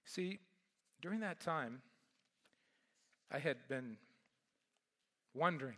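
In his sermon, a middle-aged pastor relates a personal experience, going from loud to hushed in an animated way. He speaks slowly in a voice on the high side, pausing at length.

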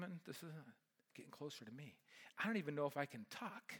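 A middle-aged man who is a pastor tells a story about himself during his sermon, his animated delivery alternating between loud and quiet. The pitch is fairly high, the pace brisk, with a breathy edge to the voice.

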